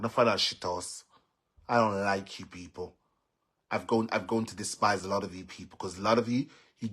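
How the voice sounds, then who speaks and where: A Jamaican man venting on a live stream, agitated, with stammering repeats and swings between loud outbursts and low muttering. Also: breathy edge. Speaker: social media personality.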